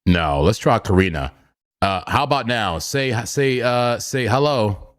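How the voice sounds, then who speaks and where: A man's voice: lowish voice, expressive, measured pace. A man hosting a casual crypto trading livestream, joking and repeating himself as he talks.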